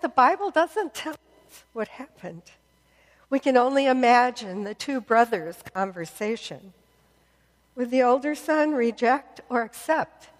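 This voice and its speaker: A woman slowly and gently retelling a Bible story. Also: on the high side, big-room sound.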